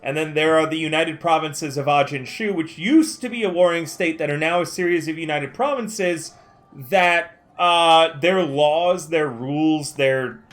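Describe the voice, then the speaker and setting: A man with a slightly raised voice runs a tabletop game. He lays out the lore in a relaxed way, dotting it with ums and uhs. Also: fairly high pitch, a little slow. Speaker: game master. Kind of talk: explaining game-world lore.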